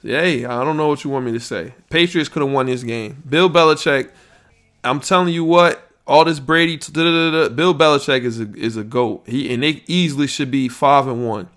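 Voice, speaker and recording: Man, podcast host, casual sports talk, slangy, blunt, animated, medium pitch. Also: moderate pace.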